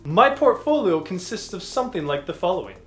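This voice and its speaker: A man doing a fretful, high-strung cautious investor with a weird accent, voice pitched up and jumpy. Soft music plays faintly underneath. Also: sing-song, a little fast, roomy sound. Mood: anxious.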